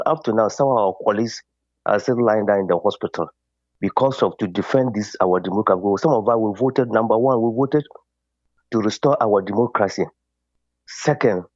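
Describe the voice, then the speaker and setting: A man's voice: medium pitch, darkish tone, no echo, highs cut off. A man with a Ghanaian English accent calling into a radio show, speaking earnestly and hesitantly. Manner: hesitant, earnest advice with fillers. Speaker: caller.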